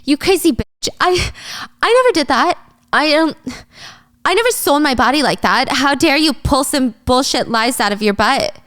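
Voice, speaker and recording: A woman's voice: high-pitched, lively intonation, moderate pace, fairly bright tone, no echo, studio quality, voice pushed up. A woman voicing a proud, crude female influencer who mocks and taunts in a raised voice. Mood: outraged. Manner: mocking, taunting.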